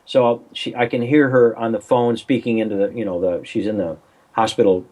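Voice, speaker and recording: A man's voice: mid-range voice, steady tone, normal speed, a little mellow. Older man telling stories, rambling. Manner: rambling, acts out phone voices, frequent restarts. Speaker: guest, coach. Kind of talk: casual storytelling interview.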